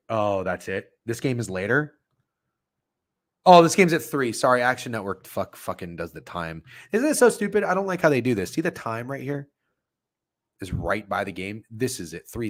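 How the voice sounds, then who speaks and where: Young guy hosting a betting stream, swears a lot, all over the place, lowish voice, dry close sound. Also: dry recording. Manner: profane, rambling, self-interrupting. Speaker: sports betting show host. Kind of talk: live-streamed betting chat reading chat comments.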